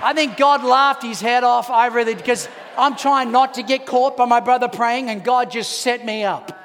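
High-voiced preacher in a reverberant hall. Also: male voice, normal speed, some chatter behind, slight background noise. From Australia. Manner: animated storytelling, swinging from hushed to shouting. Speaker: pastor. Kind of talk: sermon.

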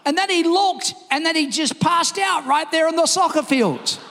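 High-voiced pastor preaching in a big hall. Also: male voice, moderate pace, vocal fry. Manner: energetic storytelling, shouted quotes. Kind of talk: sermon. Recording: long hall reverb.

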